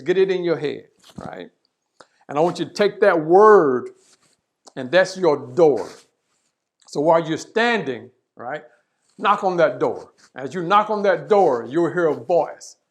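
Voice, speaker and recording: A man giving a leadership webinar talk, telling a parable and often checking in with "right?". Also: fairly high pitch. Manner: storytelling, acts out voices, frequent "right?". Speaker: leadership speaker.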